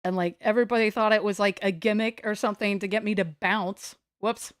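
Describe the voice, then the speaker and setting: A woman's voice: mid-range voice, fairly even intonation, brisk, dry recording, clean studio sound. A woman from the United States chatting casually on a live stream from home, rambling and joking at her own expense. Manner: rambling, playful, self-mocking. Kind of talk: casual livestream chat. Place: at home, sitting on the floor.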